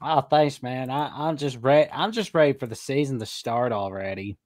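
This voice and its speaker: A man's voice: medium pitch, normal speed, a little mellow, dry recording, clean studio sound. Man with a strong Alabama drawl. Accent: strong Southern US, Alabama. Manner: upbeat, chatty, folksy sayings. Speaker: caller and Alabama fan. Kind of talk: casual call-in chat.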